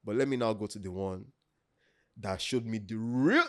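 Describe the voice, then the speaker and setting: A man in his thirties with a Nigerian accent, a podcast co-host telling stories in a lively, laughing way. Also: lowish voice, normal speed, no echo, clean studio sound. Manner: animated, laughs often, acts out quotes. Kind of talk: casual storytelling chat.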